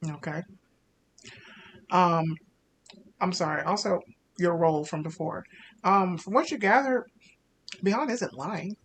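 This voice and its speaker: A man narrating a tabletop game as game master, casual and halting with many fillers. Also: high voice, a bit bright, a little hiss or hum.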